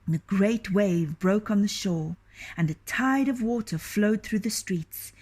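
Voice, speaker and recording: A woman reading a children's storybook aloud, expressive and often dropping into a hushed whisper. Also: lowish voice, breathy edge.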